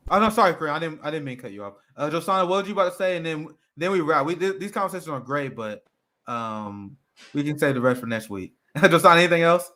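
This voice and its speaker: Guy hosting a political panel, high voice, gets all fired up and laughs a lot. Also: quick pace. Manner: animated, excited, laughs often, repeats himself. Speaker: host of a political panel show. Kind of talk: heated casual political discussion.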